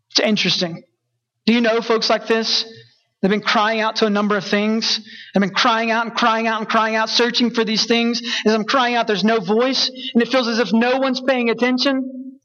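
A man's voice: sits high, a bit bright, highs cut off. A young adult man, a pastor, preaching a sermon in a conversational style with joking asides to the congregation.

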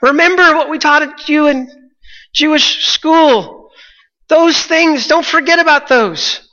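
A pushy, upbeat male boat-mate, as a preacher puts him on, calls out coaching tips in a very high, bright, tense voice. The sound is dull, with a long hall echo. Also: slow pace, heavily acted. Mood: cheering.

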